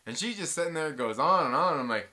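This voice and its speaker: Fairly high-pitched and quick, a man hosts a casual live stream where he reads viewer comments out loud. He tells animated, wandering stories with restarts and mild cursing.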